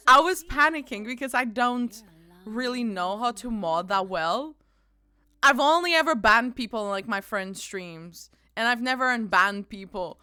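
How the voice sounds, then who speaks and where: Bright, high-voiced woman streamer. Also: smooth, dry recording. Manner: bubbly, bursts into loud panicked squeals and laughter; calls viewers darling. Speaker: game streamer. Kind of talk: casual live-stream chat.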